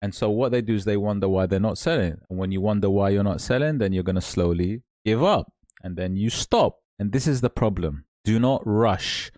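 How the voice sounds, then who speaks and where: A man's voice: lowish voice, a little mellow, no echo, clean studio sound. Emphatic man coaching online sellers. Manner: emphatic, repeats points, calls listener mate. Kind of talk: direct-to-camera advice talk.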